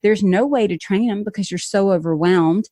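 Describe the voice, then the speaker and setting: A woman's voice: mid-range voice, normal speed, dark tone, no echo. A woman hosting a podcast interview, talking in an earnest, emphatic, conversational way. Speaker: podcast host.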